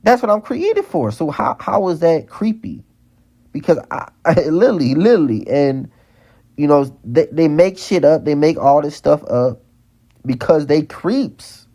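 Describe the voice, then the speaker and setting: A man's voice: a little high, sing-song, unhurried, warm tone. A man delivering a heated vlog monologue, repeating lines over and over and stumbling into restarts. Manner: heated, repetitive, stammering restarts. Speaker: vlogger. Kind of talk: ranting monologue.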